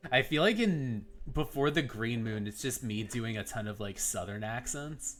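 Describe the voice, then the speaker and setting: A man streaming live and chatting casually, animated and laughing often, with many filler words. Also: medium pitch, moderate pace, hardly any pauses, faint music behind. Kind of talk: casual chat.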